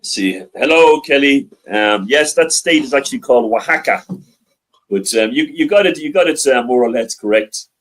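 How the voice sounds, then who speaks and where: A man's voice: medium pitch, lively intonation, moderate pace, hardly any pauses, rough recording. An older man from Ireland with a mild Dublin accent, chatting as an interview guest, hesitant, with many restarts and fillers. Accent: Dublin Irish, mild. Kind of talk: casual interview chat. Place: library.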